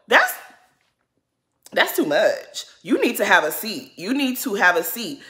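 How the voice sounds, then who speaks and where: Female vlogger, sassy and blunt, bright and forceful tone, recap style. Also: medium pitch, very animated, unhurried. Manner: sassy, blunt, addresses viewers as girl. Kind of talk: casual recap commentary.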